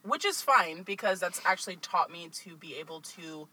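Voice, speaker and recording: Bright, lively Californian co-host. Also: medium pitch, normal speed, breathy edge, poor audio. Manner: lively and expressive, laughs easily, rising endings. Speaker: podcast co-host. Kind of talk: casual chat.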